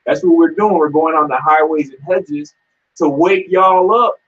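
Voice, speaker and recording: A man reading scripture aloud in a preaching discussion, measured and urging, with a husky voice. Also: a little high, a bit bright. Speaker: scripture reader. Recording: dull lo-fi sound.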